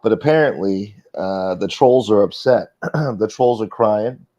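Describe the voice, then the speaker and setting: A man with a lowish, mellow voice rants on his livestream, defensive and aggrieved, swearing freely. The audio is dull and lo-fi, like a home stream. He talks casually to his chat. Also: unhurried. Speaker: livestream host.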